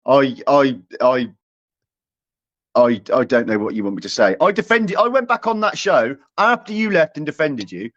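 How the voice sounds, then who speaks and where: A man's voice: medium pitch, very animated, moderate pace, fairly bright tone. A man co-hosting a livestream panel who sounds defensive and stammers, repeating himself in a heated argument. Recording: dry, muffled stream audio.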